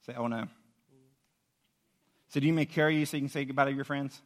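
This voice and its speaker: A man preaching to a youth group, animated and pleading, acting out a story with a volunteer from the audience. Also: mid-range voice, quick pace. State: out of breath. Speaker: youth pastor. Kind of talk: sermon with audience demonstration. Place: church hall with audience.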